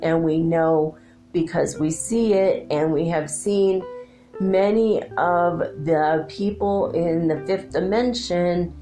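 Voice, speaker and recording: A woman speaking as a collective alien council in a channeled message, slow, measured and formal. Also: on the low side, dark tone, faint music behind. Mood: solemn.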